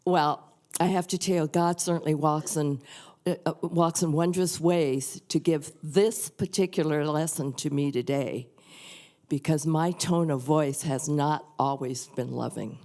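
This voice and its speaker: Older woman, low dark voice, slow and soft, church reading and testimony. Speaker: guest reader at a church service. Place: church sanctuary.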